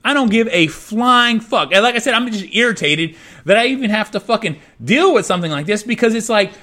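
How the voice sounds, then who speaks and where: A man's voice: high-pitched, lively intonation, fairly quick, pushed and bright. A man hosting his own podcast, delivering an angry, profanity-heavy rant in a fuming, repetitive way. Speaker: podcast host.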